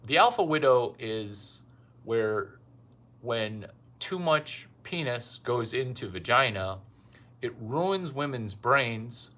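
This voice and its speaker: A man's voice: mid-range voice, animated, takes it slowly, bright, forceful tone. A man delivering a rambling, provocative comic monologue with brash, repetitive phrasing. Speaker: self-styled dating advice comedian.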